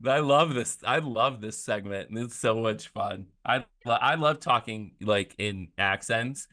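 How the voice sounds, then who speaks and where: Bright-toned man rambling on a podcast. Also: mid-range voice, measured pace. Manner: rambling, filler-heavy talk with lots of "like". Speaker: podcast guest. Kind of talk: casual podcast chat.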